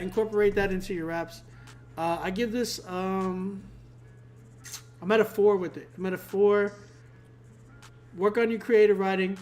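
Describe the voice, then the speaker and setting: Young male producer, higher-pitched voice, relaxed rambling critique with faint music behind. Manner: laid-back, rambling, many fillers. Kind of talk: casual live critique.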